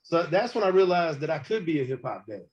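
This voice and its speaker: A man's voice: on the high side, quick pace. A man in his forties, a hip hop artist guest, telling stories casually and acting out quotes. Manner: animated storyteller, acts out quotes. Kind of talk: casual storytelling interview. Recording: muffled lo-fi recording.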